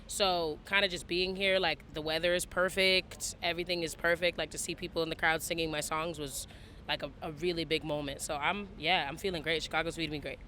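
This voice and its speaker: Upbeat Toronto woman with a bright voice. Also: low voice, fairly even intonation, fairly quick, slight background noise. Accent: Toronto English. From Canada, Toronto. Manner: upbeat, chatty. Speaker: musician guest. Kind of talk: casual interview. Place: outdoors backstage at a festival.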